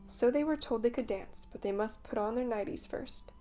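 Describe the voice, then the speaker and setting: A woman's voice: on the high side, normal speed, hardly any pauses, faint music behind. Woman narrating a classic children's story. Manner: lively storytelling, voicing each child. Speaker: audiobook narrator. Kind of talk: scripted narration.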